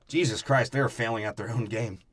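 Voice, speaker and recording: A man's voice: medium pitch, fairly quick, fairly bright tone. A young man co-hosting a casual movie-recap podcast, crude and profane, joking as he recaps. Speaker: podcast co-host.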